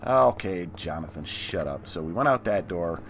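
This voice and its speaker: A man's voice: low voice, animated, moderate pace, fairly bright tone, a little hiss or hum. A man hosting a let's play, giving casual gameplay commentary with chatty, half-muttered asides.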